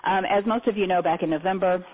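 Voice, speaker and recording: A woman's voice: fairly low pitch, quick pace. Woman, meeting host, casual rambling talk, fillers, narrow phone-line sound. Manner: chatty and rambling, many fillers and restarts. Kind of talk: casual spoken presentation. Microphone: phone or conference line.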